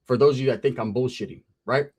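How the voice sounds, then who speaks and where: A man's voice: mid-range voice, breathy edge. A man telling a story in a casual, streetwise way, full of slang and swearing and punctuated by "right?". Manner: animated, drawn-out telling with frequent "right?". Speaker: storyteller on a podcast.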